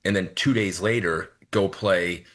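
A man's voice: low-pitched, unhurried, fairly bright tone. A man in his thirties, a head football coach, explaining his choices in a radio interview and repeating words as he thinks.

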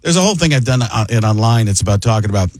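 A man's voice: fairly low pitch, animated, very fast, no echo, studio quality. A man who does impressions, chatting casually about how he builds voices. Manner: explains voices and slips into impressions. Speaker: impressionist guest. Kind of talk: casual chat.

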